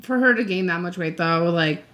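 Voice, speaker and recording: A woman's voice: lowish voice, moderate pace, fairly bright tone. A young woman co-hosting a casual podcast, reading comments aloud and giving blunt opinions with free swearing. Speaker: podcast co-host.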